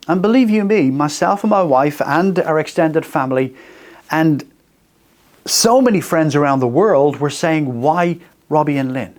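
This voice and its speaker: A man in his sixties hosts a faith talk show in a radio studio, his slightly high, darkish voice moving at normal speed. He sounds earnest and personal, speaking in short, repeated phrases.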